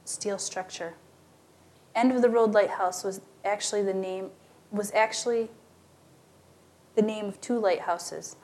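A woman's voice: mid-range voice, a little mellow. A woman narrating a story aloud, lightly giving voice to the characters in plain storytelling. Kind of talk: scripted narration.

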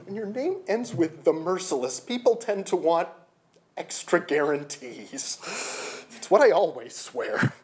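A reader putting on a shrill, blustering warrior man. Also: animated, a little slow, close to an everyday voice. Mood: defensive. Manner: yelling, indignant, high strained voice. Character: hot-headed young male warrior leader, blustering.

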